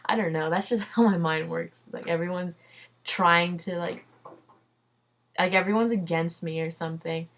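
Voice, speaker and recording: A woman's voice: fairly low pitch, normal speed, fairly bright tone. A young adult woman telling a personal story in a casual vlog, chatty and loose, full of "like" and "dude", swearing freely. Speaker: vlogger.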